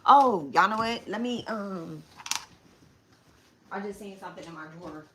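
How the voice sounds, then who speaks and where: A woman's voice: mid-range voice, moderate pace, sharp tone, slight background noise. A young adult woman hosting a live tarot stream, chatting casually and repeating herself as she talks straight to her viewers.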